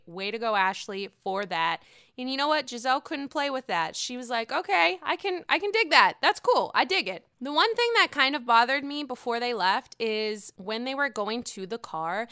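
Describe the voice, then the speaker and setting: A woman with a fairly high, bright and forceful voice gives a casual recap of a reality TV episode. She is candid and swears freely as she talks. Her tone is crisp and smooth, and the sound is dry, with no room echo. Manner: candid, profane, lively.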